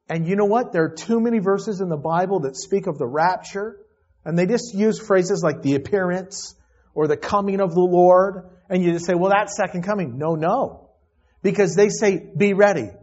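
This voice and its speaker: A man's voice: high voice, a little mellow, breathy edge, lo-fi sound. A man preaching a sermon to his church, earnest and emphatic, often repeating himself and restarting phrases. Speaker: pastor.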